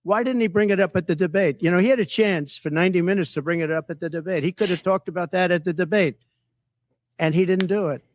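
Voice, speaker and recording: This political candidate talks fast in a high voice as he answers the press, boastful and emphatic, circling back to the same points again and again. There's no echo on the audio.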